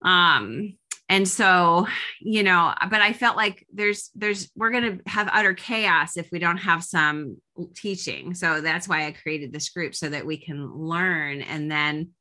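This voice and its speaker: A woman in her forties leads a parenting group in a loose, chatty way, full of fillers and restarts. Her voice sits a little low, yet it has a bright, forward edge. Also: slow. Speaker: parenting coach leading a group. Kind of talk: casual group coaching talk.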